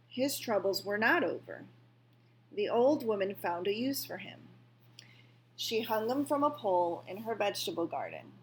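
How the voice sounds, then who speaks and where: A woman calmly reading a children's novel aloud, in a measured storytelling manner. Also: mid-range voice. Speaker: reader.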